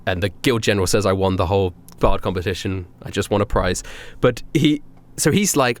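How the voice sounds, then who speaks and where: This young podcast co-host has a fairly low-pitched voice and talks fairly quickly. His storytelling is loose and lively, packed with laughs and filler words.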